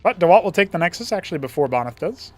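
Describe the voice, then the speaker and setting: A young male esports caster does solo play-by-play of a strategy game match, his high-pitched voice sing-song and a little mellow over faint background music. He's chatty and playful, laughing at his own jokes and tossing in quick asides.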